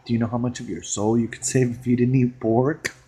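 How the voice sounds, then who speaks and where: A man rambling in a solo vlog, playful and giggly, swinging between excited bursts and hushed musing. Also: medium pitch, brisk, slightly rough. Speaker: vlogger.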